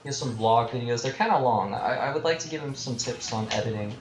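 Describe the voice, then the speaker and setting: A man's voice: mid-range voice, quick pace, slight background noise. Rambling male gamer streaming live. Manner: rambling, self-deprecating, chatting with viewers. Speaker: gaming livestreamer. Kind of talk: casual live commentary while gaming. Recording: roomy echo with game music behind.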